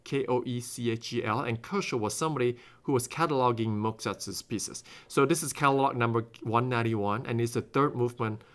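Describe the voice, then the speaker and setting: Speaking fairly quickly with hardly any pauses, a man with a medium-pitched, fairly bright voice teaches clarinet in a recorded masterclass. He goes through phrasing step by step and sings passages on scat syllables.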